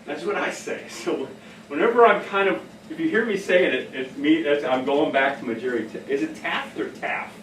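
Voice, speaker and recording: A middle-aged man tells stories in an animated, chatty way. His voice sits a little high and rings in a roomy hall. He is heard from some distance, with faint hum behind him. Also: normal speed. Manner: animated storyteller, laughs often. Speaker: speaker on behavioral care. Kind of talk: casual talk to an audience. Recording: echoey room from far off.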